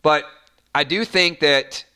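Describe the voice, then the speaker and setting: A man's voice: a little high, slow, clean tone. A man from Georgia with a light Southern accent, hosting a casual, rambling fan chat and often repeating himself. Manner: rambling, repeats words, animated. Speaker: channel host.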